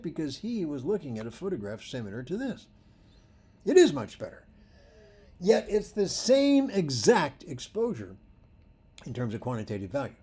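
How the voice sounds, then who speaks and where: A man teaching photography in a presentation, telling stories with animated delivery and acting out the dialogue. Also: on the high side, normal speed, pauses often, breathy edge. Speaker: photography instructor.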